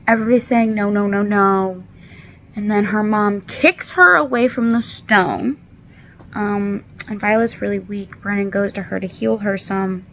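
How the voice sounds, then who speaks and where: Slow-talking, gravelly young woman vlogger. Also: mid-range voice, a bit bright, slight background noise. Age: 20s. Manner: chatty and rambling, apologetic, with lots of fillers. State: holding back tears. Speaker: book reviewer. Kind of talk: casual book recap vlog.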